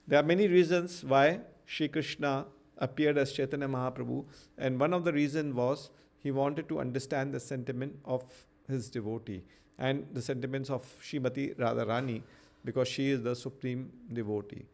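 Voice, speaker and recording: A man teaching a devotional scripture class, stopping to translate himself line by line, with halting restarts. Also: mid-range voice, fairly even intonation, gravelly, darkish tone. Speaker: preacher.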